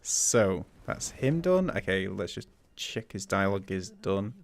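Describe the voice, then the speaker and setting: A man's voice: low-pitched, sing-song, a little slow. A man chatting through a game livestream, thinking aloud and laughing often. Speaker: streamer. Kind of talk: livestream gameplay commentary.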